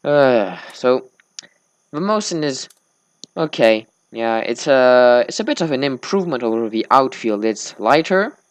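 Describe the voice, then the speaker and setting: A man's voice: mid-range voice, lively intonation, a little slow, no echo. Male let's-play host, sleepy and slurring, rambling chat, dry close sound. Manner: rambling small talk, slurred words. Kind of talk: casual gameplay commentary.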